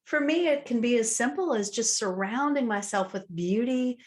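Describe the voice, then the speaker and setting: A woman from the United States talks through her daily habits in a relaxed interview, reflective and easygoing. She is on a video call, and she often voices her own thoughts aloud as she speaks. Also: a little high, moderate pace. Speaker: personal style coach.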